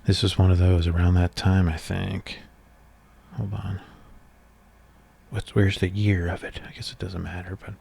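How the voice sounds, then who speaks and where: A deep-voiced man in his thirties, talking in a soft-spoken ASMR style. He rambles casually and nostalgically, with a low, easygoing voice. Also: level tone, normal speed, creaky, husky. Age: 30s. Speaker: ASMR creator.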